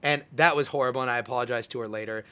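A bright-voiced young man hosts a relaxed chat. He tells his story with animated energy and acts out his own lines as he goes. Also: mid-range voice, racing. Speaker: podcast host. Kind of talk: casual chat.

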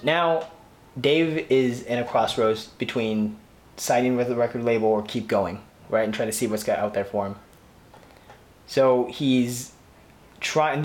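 A man's voice: mid-range voice, slight background noise. A man hosting a podcast, talking through a TV show in a rambling, gushing, heartfelt way. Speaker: podcast host. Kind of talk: casual solo TV review.

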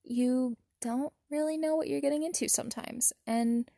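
Mellow-voiced woman reading fan fiction. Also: sits high, steady tone, normal speed, gravelly, few pauses. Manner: enthusiastic, chatty recommending. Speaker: fanfiction reader and reviewer. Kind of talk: reading aloud and casual review.

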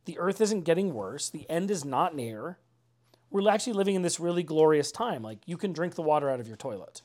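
A man's voice: on the high side, lively intonation, brisk, a little mellow. A man preaching an informal sermon in a conversational way, often adding "like" and "right?", earnest with dry mocking asides.

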